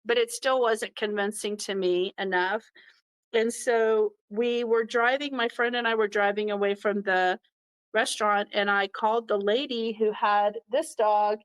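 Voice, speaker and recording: A woman's voice: mid-range voice, fairly even intonation, measured pace, smooth, poor audio. A middle-aged woman tells a personal story from the heart and acts out the voices of the people in it. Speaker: podcast host.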